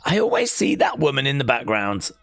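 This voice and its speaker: A young man hosting a live wrestling watch-along, calling the action and chatting with viewers, often shouting at big moves. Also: mid-range voice, huge pitch swings, fairly quick, vocal fry, no room sound.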